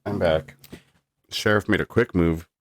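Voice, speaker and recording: Deep-voiced male co-host, blunt and laid-back, dry close mic. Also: unhurried, dry recording, faint music behind. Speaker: podcast co-host. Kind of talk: casual chat.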